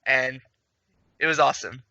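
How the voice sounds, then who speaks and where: A man's voice: medium pitch, normal speed, sharp tone, no echo. A man, a guest on a casual podcast, speaking politely and plainly. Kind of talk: casual group podcast chat. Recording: dull lo-fi call audio.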